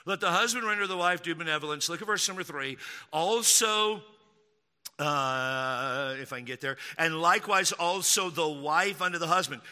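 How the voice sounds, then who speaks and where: A man from Texas preaching a sermon as pastor, emphatic, slowing down to repeat key lines and throwing in mocking asides. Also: a little high, pushed and bright, clean tone, big-room sound.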